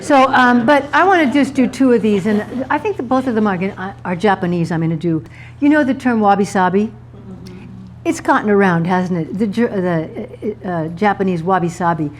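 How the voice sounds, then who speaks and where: A woman's voice: medium pitch, lively intonation, a little fast, slight background noise. A woman author giving a talk to a live audience about words, playful and laughing at her own wordplay.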